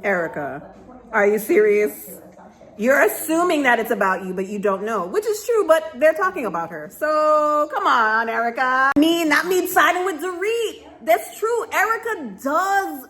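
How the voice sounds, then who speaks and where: A woman's voice: high voice, big pitch swings, unhurried, fairly bright tone. A woman giving sassy, casual reaction commentary on a reality show, talking straight to the cast members.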